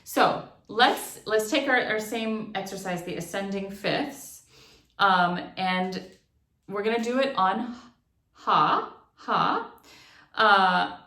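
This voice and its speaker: A woman's voice: medium pitch, slow pace, pushed and bright. A woman teaching an online singing lesson, explaining technique and breaking into short sung demonstrations. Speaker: vocal instructor. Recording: echoey room.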